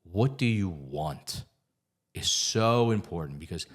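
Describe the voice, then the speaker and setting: A low-pitched man speaks as a guest on a podcast. His delivery is loose and conversational, full of filler words and casual cursing as he tells personal stories. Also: lively intonation, takes it slowly. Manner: candid storytelling, many "like" fillers, casual swearing.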